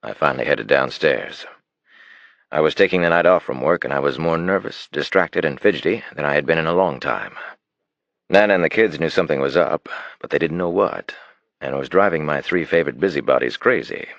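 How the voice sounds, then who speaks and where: Very deep gravelly male narrator. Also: a little fast, no room sound. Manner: expressive reading, drops to a hushed tone in romantic passages. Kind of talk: audiobook narration. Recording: dull dry studio recording.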